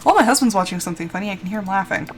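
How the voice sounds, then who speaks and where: Game music runs in the background, along with slight noise, as this streamer gives live commentary in rapid-fire, animated bursts. Her voice sits at medium pitch, and she pleads with the game and encourages herself as she plays.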